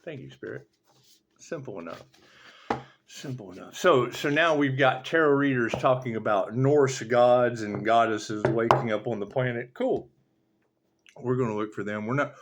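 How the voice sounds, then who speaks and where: A man's voice: mid-range voice, background noise. A man who reads tarot, ranting in a casual, sardonic and profane way that rambles from one thought to the next. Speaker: tarot reader. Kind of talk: casual spiritual rant.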